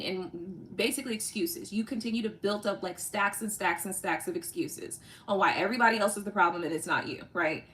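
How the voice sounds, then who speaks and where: A bright, sharp-toned woman talks straight to her livestream viewers in a casual, blunt way. She swears freely, laughs often and keeps checking in with "right?" and "you know". Her pitch sits in the middle for a woman. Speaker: tarot reader and livestream host.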